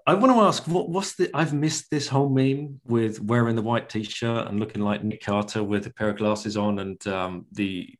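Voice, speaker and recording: A man's voice: lowish voice, normal speed, hardly any pauses. A man hosting a podcast, asking his guest questions in an easygoing, chummy way. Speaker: podcast host. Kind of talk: casual interview chat.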